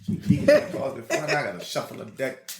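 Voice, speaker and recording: A man's voice: medium pitch, moderate pace, echoey room. A man with a New Orleans accent, co-hosting a podcast and telling laughing stories about his school days. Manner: laughing, animated storyteller. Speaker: podcast co-host. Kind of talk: casual storytelling chat.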